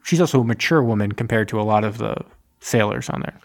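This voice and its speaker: A man co-hosting a podcast, recapping a film in casual, rambling chat full of fillers and quick acted quotes. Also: on the low side. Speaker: podcast co-host.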